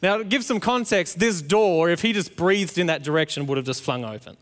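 Man in his 30s, high-pitched pastor, playful storyteller, long hall reverb. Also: expressive, a little fast, a bit bright. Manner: storytelling with playful acted-out quotes. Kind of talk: sermon.

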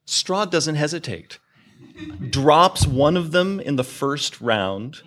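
A man who runs tabletop games, telling a campaign story in a measured, wry way. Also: fairly high pitch, expressive, a bit bright. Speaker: game master telling table stories. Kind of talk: casual storytelling chat.

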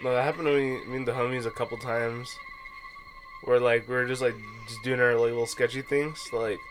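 A young man co-hosting a podcast who talks in a relaxed, slangy way, full of "like" and "dude.". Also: medium pitch, fairly quick, soft background music. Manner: laid-back, slangy, fills with "like" and "dude". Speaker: podcast co-host. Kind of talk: casual chat.

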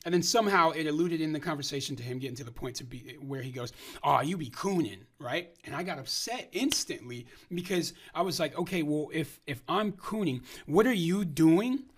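A man's voice: a little high, lively intonation, a little fast, few pauses, fairly bright tone. A man telling a story in casual conversation, acting out the lines of people he met.

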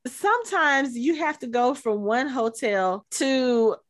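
A woman's voice: high-pitched, expressive, slow pace. A woman co-hosting a podcast, telling stories in casual chat with many fillers. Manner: chatty, storytelling, lots of fillers. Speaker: podcast co-host.

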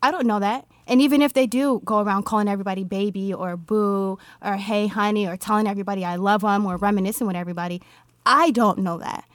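A woman's voice: medium pitch, steady tone, fast, dry recording, studio quality. A woman co-hosting a casual chat, blunt and argumentative, swearing freely. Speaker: podcast co-host.

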